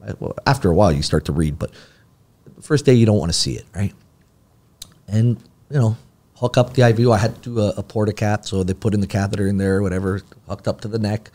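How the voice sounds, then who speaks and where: Guy, low mellow voice, chatty podcast guest telling a story, does the voices of people in it. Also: quick pace. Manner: animated storyteller acting out quoted dialogue. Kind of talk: casual storytelling.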